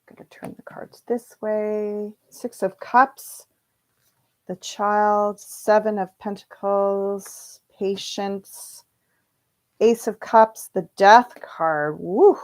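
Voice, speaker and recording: A woman hosting a livestream tarot reading, chatty and animated, laughing often and quoting people in playful voices. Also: medium pitch, extremely slow. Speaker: tarot reader.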